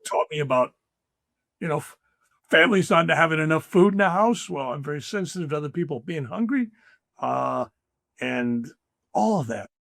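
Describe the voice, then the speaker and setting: Speaking at a moderate pace with frequent pauses, this older man has a slightly high voice with vocal fry, captured in a dry studio-quality recording. As a spiritual teacher guesting in a conversation, he tells stories animatedly, voicing the people he quotes.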